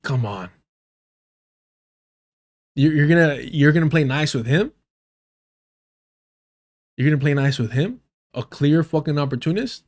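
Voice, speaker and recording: A man's voice: fairly high pitch, animated, measured pace, pauses often. Sarcastic, profane man hosting a livestream. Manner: addresses chat directly. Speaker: livestream host. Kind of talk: livestream reaction commentary.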